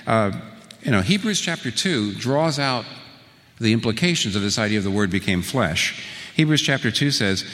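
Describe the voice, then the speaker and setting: A man preaching a sermon, asking rhetorical questions and slowing down for emphasis. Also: fairly low pitch, big-room sound. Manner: rhetorical questions, slow emphatic phrasing, rising to lively peaks.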